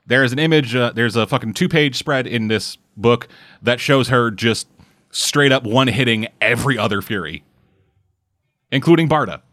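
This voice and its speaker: A man's voice: medium pitch, normal speed, a bit bright, no echo, studio quality. A man hosting a casual comic book podcast, rambling and swearing freely as he talks. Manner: profane, rambling, jokey. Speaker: podcast host.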